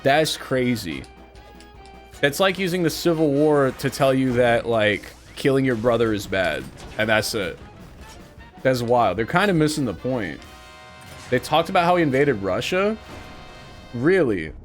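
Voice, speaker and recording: A Missouri man in his twenties chats with his stream viewers in a casual, animated way, joking and sarcastic. His medium-pitched voice is unhurried with long pauses, and faint music plays behind him.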